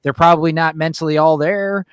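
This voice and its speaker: High-voiced rambling crude young man. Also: fairly quick, smooth, no echo, clean studio sound. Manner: rambling, crude, animated with put-on quoted voices. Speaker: host. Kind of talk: casual hangout chat.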